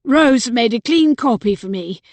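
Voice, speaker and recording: A woman reading an audiobook, putting on a troubled young brother full of resentment. He pushes his point hard and loudly, pitched a little high. The recording is dry and close. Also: expressive, a little slow, no echo. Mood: insistent. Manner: insistent, raising his voice. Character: bitter agitated young man, troubled brother. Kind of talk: audiobook character voice.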